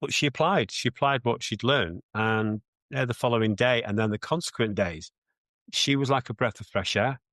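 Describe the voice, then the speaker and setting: A man's voice: mid-range voice, normal speed, fairly bright tone, no echo. A man with a British accent, a mindset coach answering interview questions in an earnest, reflective way, often restarting his sentences.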